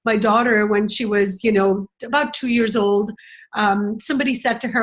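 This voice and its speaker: Her voice is mid-range and steady, at a moderate pace. This middle-aged woman is a parenting educator giving an earnest, reflective conference talk in a conversational way, often saying "you know."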